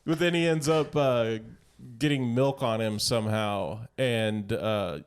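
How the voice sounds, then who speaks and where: Podcast co-host, man, mid-pitch, animated movie recap, casual. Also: a little slow, a crowd in the background. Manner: animated retelling of movie scenes. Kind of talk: casual chat.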